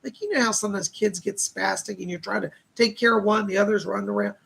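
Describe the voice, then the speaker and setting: Gravelly, husky man giving psychic readings. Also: high voice, quick pace, a bit bright. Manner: chatty, upbeat, reads comments aloud. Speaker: psychic medium hosting live readings. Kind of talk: live-stream psychic readings.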